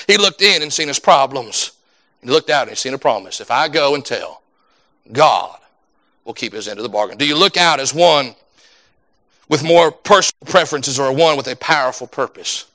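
A man preaching a sermon in a fervent, repetitive cadence that climbs loud and drops quiet. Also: medium pitch, expressive, brisk.

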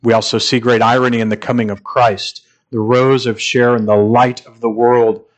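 A man preaching a sermon as a pastor, earnest and measured, pausing and repeating phrases, building to emphatic stretches. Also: mid-range voice, little pitch movement.

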